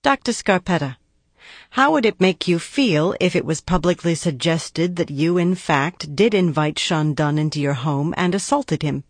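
A woman reading a measured, guarded female prosecutor. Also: low-pitched, animated, dry recording. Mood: probing. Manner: deliberate, cautioning, precise. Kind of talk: audiobook dialogue reading.

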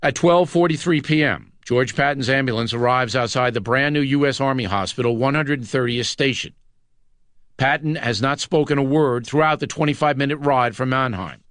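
A man narrating a nonfiction audiobook in a measured, dramatic scripted read. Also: medium pitch, fairly bright tone, no echo.

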